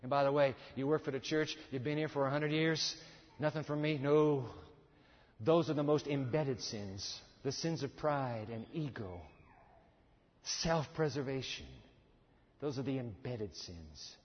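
A male preacher delivering a sermon, swinging from loud exhortation to hushed intensity, in a church. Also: mid-range voice, unhurried. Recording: echoey hall, dull lo-fi sound.

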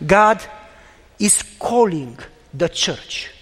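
A man preaching a sermon, telling a story with animated, emphatic delivery. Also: sits high, very slow. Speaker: pastor. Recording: long hall reverb.

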